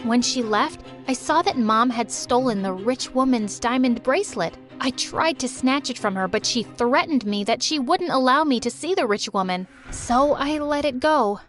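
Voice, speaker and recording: A woman narrating a first-person animated story in a dramatic, expressive way. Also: high voice, normal speed, hardly any pauses, soft background music.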